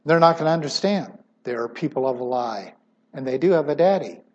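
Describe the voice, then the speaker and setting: A middle-aged man preaching a sermon emphatically, his voice swinging suddenly between loud stressed words and quiet asides. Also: medium pitch, expressive, fairly quick, highs cut off.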